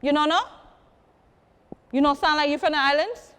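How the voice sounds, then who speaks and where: High-voiced woman telling stories. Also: moderate pace, in a large hall. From South Carolina. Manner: lively, teasing, talks straight to the crowd. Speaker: storyteller. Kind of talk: live storytelling to an audience. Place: museum program room.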